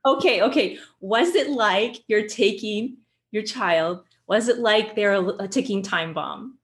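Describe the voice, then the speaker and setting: A woman guest who works with children, explaining her work in an animated way and telling stories. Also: medium pitch, a little slow. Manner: animated storyteller, acts out quotes. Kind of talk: conversational explanation with anecdotes.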